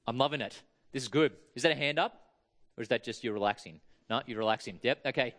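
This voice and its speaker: A man's voice: mid-range voice, quick pace, fairly bright tone. A man giving a sermon, chatting and joking with his congregation. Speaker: preacher. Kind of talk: sermon with audience interaction.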